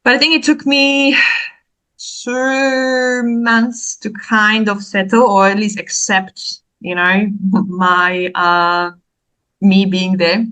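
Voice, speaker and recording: A woman's voice: medium pitch, takes it slowly, poor audio. A woman, a podcast guest telling her story casually and animatedly, laughing often. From Slovakia. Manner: animated, laughs often, acts out quoted voices.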